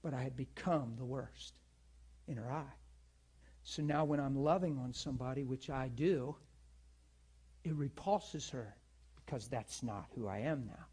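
A man preaching a sermon, emphatic, swinging between raised and hushed delivery. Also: mid-range voice, measured pace, pauses often, slightly rough.

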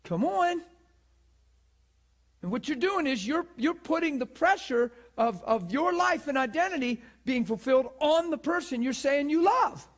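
A man's voice: extremely high pitch, expressive, unhurried. A man in his forties preaching a sermon with passion, firing rhetorical questions and acting out what people say. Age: 40s.

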